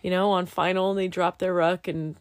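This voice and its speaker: A woman's voice: on the low side, moderate pace, no echo, studio quality. A young woman, a student pilot, chatting casually and telling stories candidly, with some swearing. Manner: candid, animated storytelling with swearing. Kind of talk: casual podcast chat.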